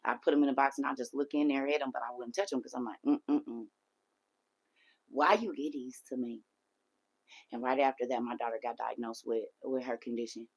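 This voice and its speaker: A woman hosting a livestream, telling a personal story in a casual, animated way and talking straight to her viewers. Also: very deep voice, brisk. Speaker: livestream host.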